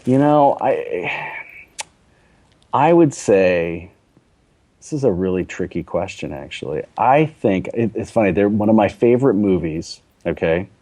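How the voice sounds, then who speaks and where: A man's voice: sits low, lively intonation, a little slow, warm tone. A middle-aged man, a company executive guest in a casual interview, chatty and often tagging on "you know" and "right?".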